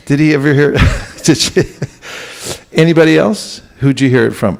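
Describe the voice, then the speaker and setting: A man's voice: fairly high pitch, normal speed, vocal fry. A man giving a spiritual lecture to a live audience, talking conversationally and often putting questions to the listeners. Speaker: spiritual teacher.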